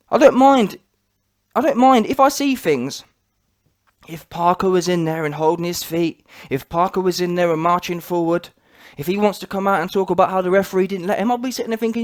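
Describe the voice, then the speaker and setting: A man's voice: sits high, brisk. A man giving an opinionated reaction rant about boxing on his own channel, firing rhetorical questions and repeating his points with emphasis.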